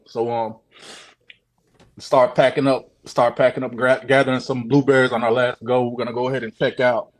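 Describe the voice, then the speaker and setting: On a video call, a man with a mid-range voice talks at a normal speed, telling his own story of a sighting as a guest. He's casual, profane and repetitive, animatedly acting out what people said.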